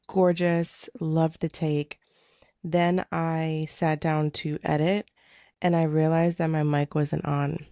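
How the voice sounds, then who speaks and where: Woman host, candid chatty delivery, mellow low voice, dry close mic. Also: level tone, slow, dry recording. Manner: chatty, candid, swears freely. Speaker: podcast host. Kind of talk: casual chat. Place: her living room at home. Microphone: studio microphone.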